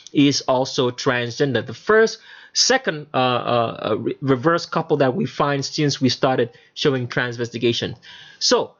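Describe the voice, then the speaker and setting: A man's voice: mid-range voice, fairly bright tone, highs cut off. A man hosting his own channel, talking emphatically in a solo monologue over pictures, with many fillers and restarts. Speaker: channel host.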